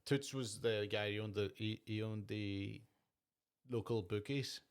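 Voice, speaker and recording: A man's voice: lowish voice, steady tone, unhurried, smooth. A man co-hosting a comedy podcast, chatting casually and acting out the people he quotes, with easy laughter. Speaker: podcast co-host. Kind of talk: casual chat.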